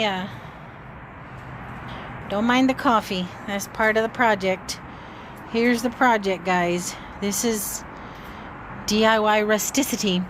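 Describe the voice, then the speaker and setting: A woman's voice: medium pitch, slow, noisy background. A woman, chatting casually and rambling in a folksy way as she shows off her thrift finds. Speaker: thrift haul vlogger. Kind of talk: casual chat to camera.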